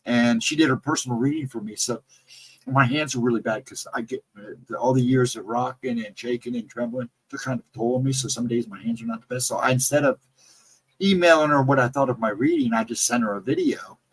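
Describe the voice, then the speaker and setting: A man's voice: medium pitch, expressive, a little fast, slightly rough, rough recording. A middle-aged man with a Central Ohio accent, chatting casually on a livestream. He rambles through stories, reads out chat comments, and has trouble with his R and W sounds. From Central Ohio, near Columbus. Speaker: livestream co-host.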